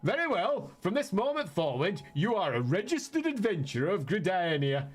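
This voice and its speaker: A man's voice: high voice, big pitch swings, normal speed, husky, soft background music, full character voice. A man reading the lines of an older woman guild mistress in a formal, archaic game voice. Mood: stately.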